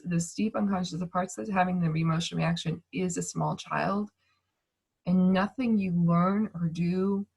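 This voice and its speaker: Woman teacher, casual talk, soft breathy tone, halting and gentle with restarts, video-call sound. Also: on the low side. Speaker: speaker on emotions and manifestation. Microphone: video call mic.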